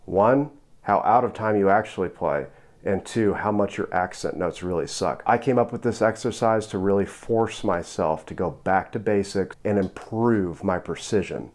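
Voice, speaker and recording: A man giving a relaxed guitar lesson, counting beats aloud and explaining picking. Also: deep voice, moderate pace. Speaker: guitar teacher.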